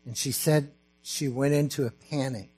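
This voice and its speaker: A man preaching a sermon as pastor, slow and emphatic, rising to fervent preaching. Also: medium pitch, steady tone, darkish tone, husky.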